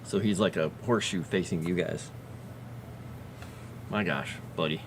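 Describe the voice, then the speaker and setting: A man's voice: low-pitched, measured pace, noisy background. A man chatting casually on a livestream, talking fondly to his pet and his viewers. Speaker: livestreamer and fantasy lore writer.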